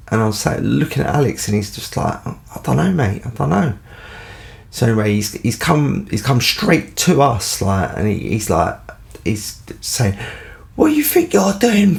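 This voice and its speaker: A man with a London accent tells a casual story in a rambling, filler-packed way. His voice sits fairly low and has a gravelly edge. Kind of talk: casual anecdote.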